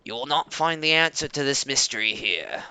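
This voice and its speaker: A man voicing a proud, guarded male leader of a servile tribe in a fantasy game, speaking in a formal, measured way. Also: mid-range voice, expressive, bright, forceful tone, clear, resonant tone, no echo, voice pushed down.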